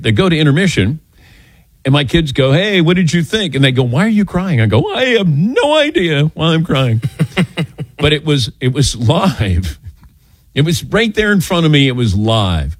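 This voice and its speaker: An older man hosting a call-in radio show, telling stories with animated quoted voices. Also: medium pitch, husky, no room sound. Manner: animated storyteller, acting out quotes.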